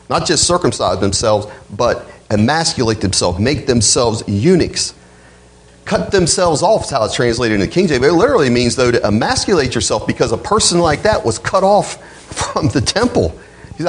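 A male pastor preaching a sermon, with a slightly husky voice, quoting scripture and swinging his voice up high for emphasis. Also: moderate pace, rough recording. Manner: expressive preaching, voice climbing high on quoted outbursts.

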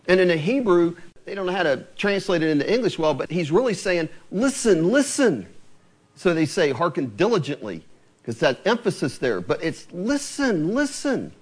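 A man preaching a sermon, quoting scripture with lively, rising emphasis. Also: a little high, fairly quick.

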